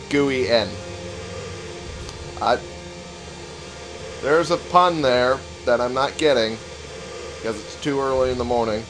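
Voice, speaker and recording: A man's voice: medium pitch, poor audio. A young man giving casual let's-play commentary, reading item text aloud with wry jokes and frequent swearing. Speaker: gameplay commentator. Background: game music.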